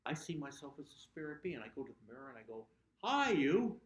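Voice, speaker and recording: A man of middle pitch giving a motivational talk to a club, earnest and personal, now and then rising into sudden emphatic bursts. His voice rings in an echoey meeting room. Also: rapid-fire. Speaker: guest speaker.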